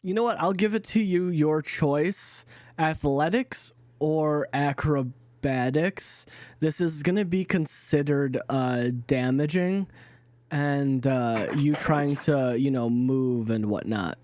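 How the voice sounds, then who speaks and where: A man's voice: a little high, slow, darkish tone, no echo. A man narrating a tabletop game as dungeon master, often laughing and restarting his sentences.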